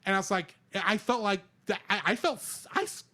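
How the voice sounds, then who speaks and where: High, animated man co-hosting a podcast. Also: fairly quick. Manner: animated, rambling with restarts. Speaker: podcast co-host. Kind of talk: casual chat.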